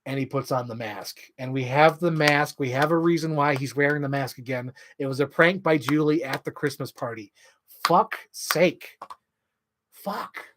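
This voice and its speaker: A man in an excited, rambling monologue, swearing freely and filling his talk with "like". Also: mid-range voice, brisk, hardly any pauses, noisy background. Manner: enthusiastic, profane, filler-heavy. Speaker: channel host.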